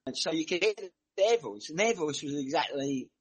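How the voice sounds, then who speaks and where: A man's voice: a little high, expressive, moderate pace, breathy edge, rough recording. A middle-aged man from the English Midlands with a mixed English accent, chatting casually and rambling through stories full of asides. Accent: mixed northern and southern English. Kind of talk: casual chat.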